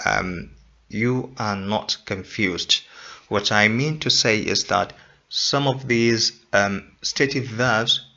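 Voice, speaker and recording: Male English teacher, bright, forceful tone, repeats and quizzes students, lo-fi audio. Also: lowish voice. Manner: repeats points and quizzes listener ("In what?"). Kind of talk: explaining grammar lesson. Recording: dull lo-fi recording.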